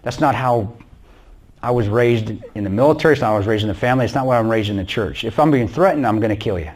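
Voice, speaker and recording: A man's voice: medium pitch, fast talker. A man giving a blunt, intense personal war story to a church audience. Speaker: guest speaker.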